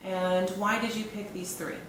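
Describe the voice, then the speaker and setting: A woman school counselor leading a role-play lesson for a child in her office, speaking in a calm, encouraging, praising way. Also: mid-range voice, measured pace. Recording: echoey room with background noise.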